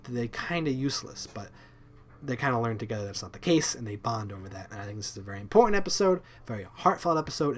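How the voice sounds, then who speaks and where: A man giving a casual, rambling review of cartoon episodes, halting and repeating words, with lots of ums and likes. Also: medium pitch, a bit bright. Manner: loose and informal, swears offhand. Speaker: video reviewer.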